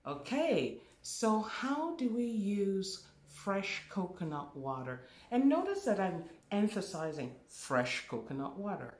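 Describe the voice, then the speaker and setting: Slow, emphatic spiritual teacher, roomy echo. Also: medium pitch, sing-song, darkish tone. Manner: emphatic, repeats key words. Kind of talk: spoken spiritual class.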